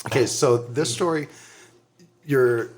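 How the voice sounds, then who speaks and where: A man's voice: medium pitch, takes it slowly, heavy background noise. A middle-aged man, telling a wild party story on a podcast, swearing, laughing and acting out what people said. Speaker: podcast co-host. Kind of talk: animated storytelling, casual chat.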